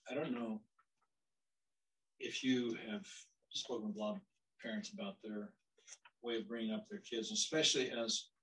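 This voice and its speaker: A man's voice: lowish voice, recorded from a distance, poor audio. An older man teaching a church counseling class, telling stories in a conversational way with frequent restarts. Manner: warm conversational storytelling with many restarts.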